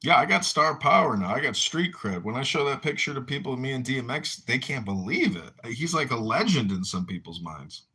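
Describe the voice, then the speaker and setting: A middle-aged man and mayoral candidate telling rambling, animated anecdotes in a casual audio chat room. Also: mid-range voice, fairly quick, hardly any pauses, husky.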